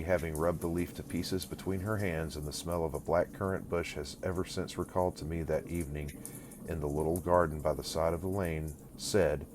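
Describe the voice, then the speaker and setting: A man narrates a classic novel in a measured, even storytelling voice. His pitch is very low, and a faint hiss sits under the reading. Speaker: audiobook narrator. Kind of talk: scripted narration.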